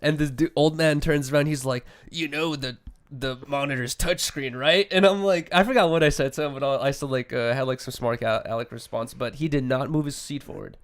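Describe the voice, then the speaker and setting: A young American man in his twenties hosting a podcast, telling a rambling, animated story full of slang and swearing. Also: medium pitch, a little fast. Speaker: podcast host. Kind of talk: casual chat.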